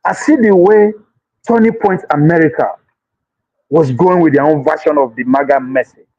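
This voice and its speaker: A man with a Nigerian accent giving excitable political commentary, laughing and exclaiming often and slipping into pidgin. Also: a little high, moderate pace, dry recording, lo-fi sound. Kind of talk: animated political chat.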